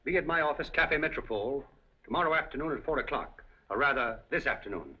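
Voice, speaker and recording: An actor playing a suave, scheming café proprietor in a 1930s film, speaking in an urbane, deliberate way. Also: male voice, medium pitch, lively intonation, slightly rough. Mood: sly. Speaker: café owner. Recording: dull 1930s film soundtrack.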